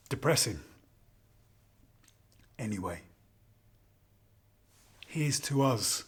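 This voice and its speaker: A man's voice: medium pitch, breathy edge. An actor performing a scripted monologue as a husband who fondly and ruefully reminisces while toasting his wife on their anniversary. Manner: intimate, confiding, rambling reminiscence. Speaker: narrator of a spoken monologue.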